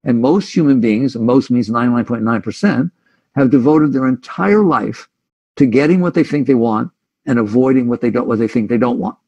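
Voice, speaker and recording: A man's voice: medium pitch, moderate pace, warm tone, breathy edge, dull audio. A man giving a reflective, conversational spiritual talk as a teacher, sometimes speaking his listeners' inner thoughts aloud.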